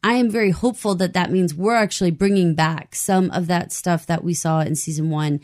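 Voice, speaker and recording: Slightly low-voiced female co-host, upbeat and quick to laugh. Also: fairly even intonation, a little mellow. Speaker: podcast co-host. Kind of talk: casual chat.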